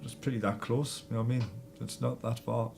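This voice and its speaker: A man's voice: mid-range voice, little pitch movement, fairly quick, vocal fry, darkish tone. A man from northeast England with a Geordie accent, chatting casually and joking on his live vape stream, laughing often. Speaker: vape channel host. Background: background music.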